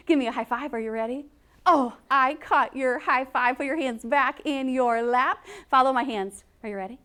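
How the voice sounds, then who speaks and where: A woman's voice: sits high, normal speed, bright, forceful tone. A woman teacher giving a recorded lesson to young children, playful and encouraging with a sing-song delivery.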